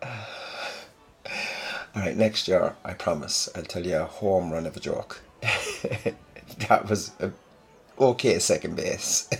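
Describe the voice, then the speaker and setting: A young man with a fairly low voice speaks warmly to the listener in a boyfriend role-play. He is soft-spoken and teasing, at times dropping to near-whispered murmurs. Faint music plays underneath. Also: slow, vocal fry, long pauses, husky.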